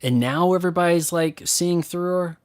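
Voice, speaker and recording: A man's voice: sits high, moderate pace, darkish tone, clean tone. A man answering viewer questions as a movie and game critic, blunt and sarcastic, swearing often and mocking others in put-on voices. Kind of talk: casual profane Q&A rant.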